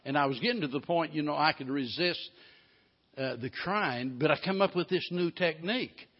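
A man's voice: on the high side, moderate pace. A middle-aged man, preaching a sermon as pastor, mixing folksy storytelling with emphatic preaching. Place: church sanctuary. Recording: reverberant hall, muffled sound.

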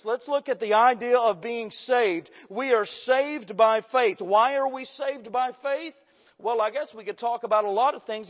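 A man preaching a sermon, building emphasis and slowing down on key phrases. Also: very high-pitched. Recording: dull sound in a reverberant hall.

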